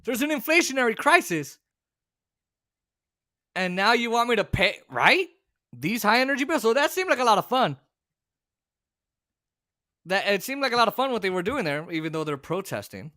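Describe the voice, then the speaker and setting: Animated, bright-voiced man ranting. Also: high-pitched, moderate pace, long pauses, no echo, clean studio sound. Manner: animated, rambling, bursts into shouting. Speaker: co-host. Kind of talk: political commentary show.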